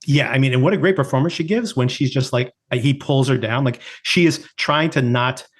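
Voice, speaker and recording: A man's voice: mid-range voice, a little fast. Laughing man recapping a show. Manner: laughs often while retelling scenes. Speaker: podcast co-host. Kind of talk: casual chat reviewing a TV episode.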